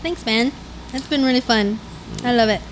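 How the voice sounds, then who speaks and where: A woman co-host in casual podcast chat, giggly and animated, swearing casually. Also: a little high, normal speed, slight background noise, rough recording. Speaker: departing co-host.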